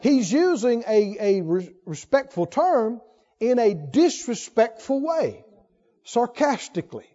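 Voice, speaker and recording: A man's voice: sits high, very animated, takes it slowly, dark tone. A man preaching a sermon who puts rhetorical questions to his congregation. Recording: long hall reverb, dull lo-fi sound.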